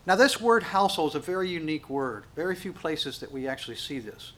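A man's voice: fairly high pitch, animated, quick pace, hardly any pauses, fairly bright tone. A male pastor preaching a sermon, stressing key words and asking rhetorical questions. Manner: rising and falling emphasis, rhetorical questions.

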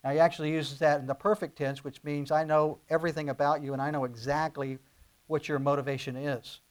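Middle-aged man, pastor preaching, fairly high voice, conversational, emphatic bursts, restarts. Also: little pitch movement, a little fast. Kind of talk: sermon.

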